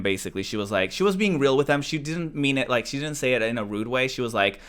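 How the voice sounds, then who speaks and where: A man's voice: mid-range voice, lively intonation, fast talker, few pauses, a bit bright, clean tone. A young man from Portugal hosting a casual chat show, talking in a rambling way with many fillers and restarts. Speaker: podcast host.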